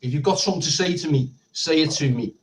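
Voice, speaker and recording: A man's voice: a little high, fast talker. Combative man, argumentative, distant mic. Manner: combative, repetitive, swearing. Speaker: participant in online group call. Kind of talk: heated argument.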